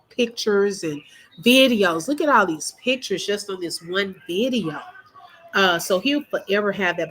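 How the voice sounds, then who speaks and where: A woman's voice: mid-range voice, a bit bright, slight background noise, low-quality recording. A middle-aged woman hosting a casual livestream, emotional as she talks straight to her viewers and reads their comments aloud. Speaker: livestream host.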